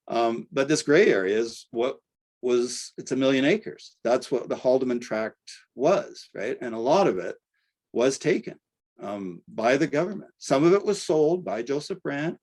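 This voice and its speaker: An older man giving a relaxed academic lecture at a middle pitch. He keeps it conversational, with ums and uhs and a habit of ending points with a quick "right?". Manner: conversational, tags points with "right?", frequent fillers. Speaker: archaeology lecturer.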